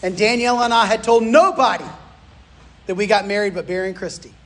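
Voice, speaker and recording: A man preaching a sermon, telling personal stories in a folksy, animated way. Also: sits high, fairly quick. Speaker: pastor.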